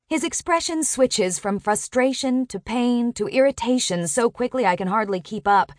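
A woman narrating a first-person romance audiobook in an expressive, sharp-tongued storytelling manner. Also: fairly high pitch, moderate pace, few pauses, no echo, clean studio sound.

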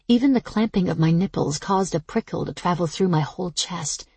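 Brief: woman audiobook narrator, intimate and slow, husky and gravelly. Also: fairly low pitch, mellow, no room sound. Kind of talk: first-person audiobook narration.

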